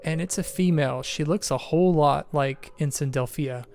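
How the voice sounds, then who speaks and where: A man's voice: on the high side, normal speed, a little mellow, slight background noise. Man narrating as game master.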